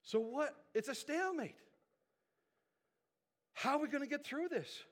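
Lively, animated male preacher. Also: very high-pitched, unhurried. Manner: animated storyteller with conversational asides. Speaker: pastor. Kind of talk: sermon retelling a Bible story.

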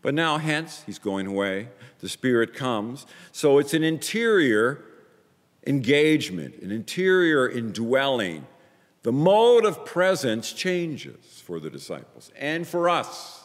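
A man preaching a sermon as a pastor, emphatic, repeating phrases in pairs and swinging between loud and quiet. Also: mid-range voice, sing-song, slow, in a large hall.

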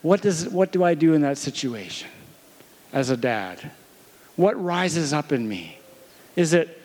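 High-voiced pastor telling a family story. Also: male voice, very animated, unhurried, long pauses. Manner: storytelling, gentle, talks to his little daughter. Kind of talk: sermon.

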